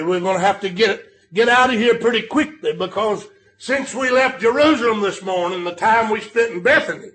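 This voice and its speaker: Older male preacher, high voice, storytelling sermon that swells into shouted emphasis.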